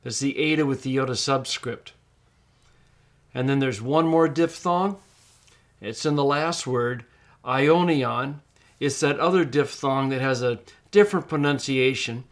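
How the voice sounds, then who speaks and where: A middle-aged man teaching in a screencast tutorial, explaining step by step and slowing down to model words. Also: mid-range voice. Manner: patient, explains step by step, slows down to model pronunciation. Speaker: Greek teacher.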